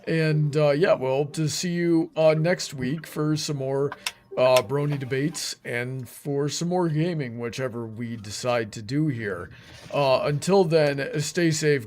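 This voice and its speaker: A man's voice: on the high side, darkish tone. A man hosting a casual livestream chat, rambling along with lots of fillers and restarts. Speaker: livestream host.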